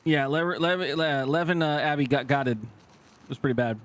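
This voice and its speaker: A man doing casual gameplay commentary as a streamer, animated, swearing often and thinking aloud. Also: on the high side, normal speed.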